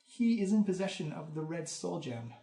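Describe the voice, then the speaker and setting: A man running a tabletop game as game master, narrating scenes with animated, lively description. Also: a little high, moderate pace, gravelly, roomy sound.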